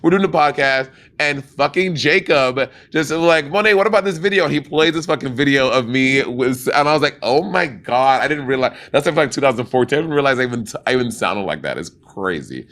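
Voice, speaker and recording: A man's voice: mid-range voice, fairly quick, hardly any pauses, fairly bright tone. A man from Saint Lucia co-hosting a podcast, chatting casually with lots of fillers. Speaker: podcast co-host. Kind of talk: casual chat.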